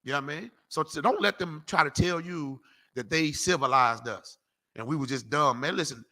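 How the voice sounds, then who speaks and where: A man preaching in a loose, slangy style, emphatic and animated as he calls for scripture to be read. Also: a little high, moderate pace. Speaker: street preacher teaching a class. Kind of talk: preaching lecture.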